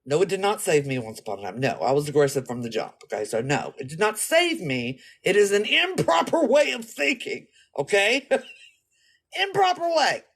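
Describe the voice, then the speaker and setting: A woman vlogger telling a story in a casual monologue, blunt, profane and animated. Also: low-pitched, fairly quick, hardly any pauses, a little hiss or hum.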